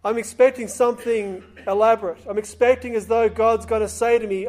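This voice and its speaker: A man's voice: sits high, steady tone, brisk, few pauses, darkish tone. A man giving a sermon, retelling a scripture story in a conversational way and acting out the voices of the people in it. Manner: acts out quoted voices, conversational. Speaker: preacher.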